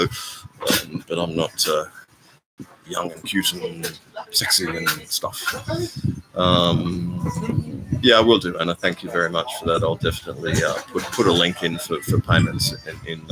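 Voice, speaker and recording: An older man chatting casually on a live stream, rambling and halting with many ums and restarts. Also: low voice. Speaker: vlogger hosting a live stream. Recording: noisy live-stream phone audio.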